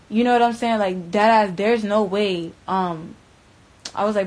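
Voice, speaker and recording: A woman's voice: medium pitch, quick pace, poor audio. A young adult woman from Broward County, Florida, telling a story as an interview guest. She talks in profane, slangy bursts and keeps saying "bruh.". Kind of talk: candid storytelling.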